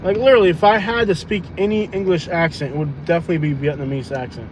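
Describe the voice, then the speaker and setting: A man's voice: a little high, fairly even intonation, fast. Rambling man livestreaming from his car. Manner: rambling, joking, loose. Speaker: food delivery driver streaming live. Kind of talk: casual livestream chat while driving. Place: inside a car on the road. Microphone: phone on live stream. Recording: noisy car cabin.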